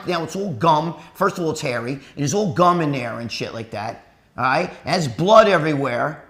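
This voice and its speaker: A man's voice: on the high side, bright, forceful tone. A man in his fifties telling a crude comic story, profane and rambling, addressing viewers directly. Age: 50s. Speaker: host, storyteller.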